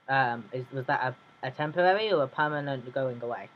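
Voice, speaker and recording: A hesitant player stumbles through ideas with many fillers and restarts, in a mid-pitched voice. The audio is muffled and lo-fi. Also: a little fast, a little hiss or hum. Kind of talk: casual tabletop play chat.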